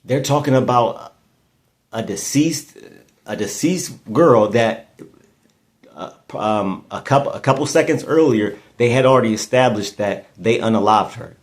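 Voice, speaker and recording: A man talks through a case on his own podcast in a loose, conversational way, with no script. He thinks out loud, stumbles, and circles back on his words as he works out his points, keeping his pitch in an ordinary middle range. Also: unhurried. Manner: repeats and restarts words often, thinking aloud. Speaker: podcast host. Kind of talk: casual true-crime commentary.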